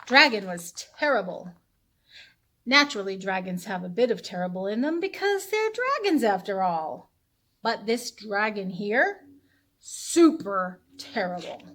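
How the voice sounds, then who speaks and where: A woman librarian reading a picture book aloud to children in a playful, animated storytelling voice. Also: medium pitch, unhurried.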